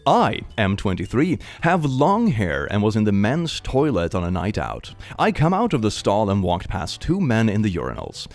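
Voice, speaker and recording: A young man in his twenties reads online stories and riffs on them in a casual, joking way. His pitch leaps around constantly, swinging from low asides to high exclamations. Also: moderate pace, hardly any pauses, faint music behind. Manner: animated, joking. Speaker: online story reader and commentator.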